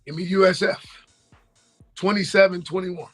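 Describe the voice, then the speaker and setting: A man's voice: sits high, fairly even intonation, normal speed, a bit bright, faint music behind. A man co-hosting a casual sports talk show, playfully boasting and trash talking to the audience.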